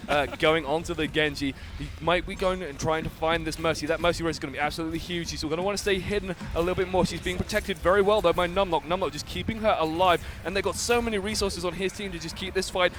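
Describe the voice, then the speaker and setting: A man casting an esports match with excitable play-by-play commentary that rises to shouts in big plays. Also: on the high side, fast talker, few pauses. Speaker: esports caster.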